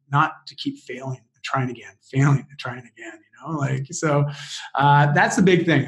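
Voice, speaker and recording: A man talking as a podcast guest and coach, enthusiastic and quick to laugh as he shares advice. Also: on the high side. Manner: enthusiastic, fired up, laughs often. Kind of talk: animated interview conversation.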